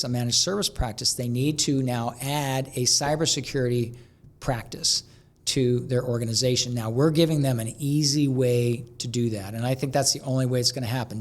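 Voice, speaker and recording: A man being interviewed as a guest, telling energetic stories and often restarting mid-sentence. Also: mid-range voice, moderate pace. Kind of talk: conversational interview storytelling.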